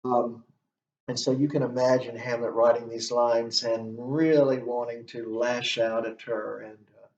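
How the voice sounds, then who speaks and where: A man teaching a literature lesson, explaining the text one line at a time in a measured, deliberate way. His voice sits at an ordinary middle pitch. It sounds dull and set back from the mic, with a roomy echo around it. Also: flat delivery, a little mellow, slight background noise. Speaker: literature instructor. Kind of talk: recorded literature lecture. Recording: dull, distant, roomy recording.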